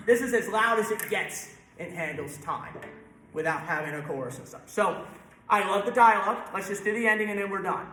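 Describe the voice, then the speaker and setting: Bright-voiced conductor in echoey church. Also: male voice, high-pitched, a little hiss or hum. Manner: sings out parts with syllables; brisk, encouraging coaching. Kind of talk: rehearsal instruction. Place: church sanctuary. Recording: roomy church echo with instruments.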